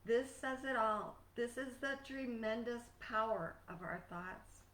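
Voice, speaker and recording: A woman life coach giving a scripted motivational talk in an earnest, measured, emphatic way. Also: on the high side, fairly bright tone. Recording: echoey room, distant mic.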